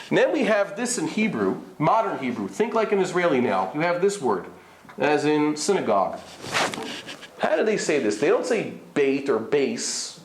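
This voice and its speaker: Rabbi teaching in an echoey room. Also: male voice, fairly high pitch, a little hiss or hum. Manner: explanatory, questions the class, demonstrates vowel sounds. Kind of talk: live classroom lecture. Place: study hall classroom.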